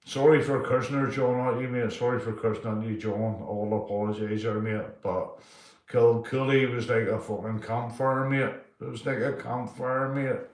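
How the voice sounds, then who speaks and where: An echoey room carries a man's medium-pitched, steady voice at an ordinary pace. Loose and sweary, he reads out viewer names during casual live-stream chat and leans constantly on "mate."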